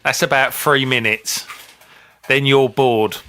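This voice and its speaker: A man's voice: medium pitch, steady tone, slow, bright, forceful tone, soft background music. A middle-aged man, co-hosting a comedy podcast with dry, teasing banter. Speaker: podcast co-host. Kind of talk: casual chat.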